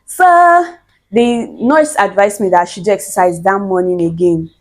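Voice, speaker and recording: Young woman vlogger, lively storyteller who acts out every quote. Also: medium pitch, moderate pace. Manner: animated, laughs often, acts out quotes. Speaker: vlogger telling her birth story. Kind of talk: casual storytelling to camera.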